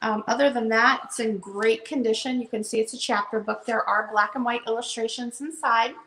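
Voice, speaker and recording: Woman, bookseller host, casual live-sale patter, fairly high voice, roomy sound. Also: fairly even intonation, fairly bright tone. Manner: casual, chatty, unhurried. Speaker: online bookseller. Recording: roomy echo.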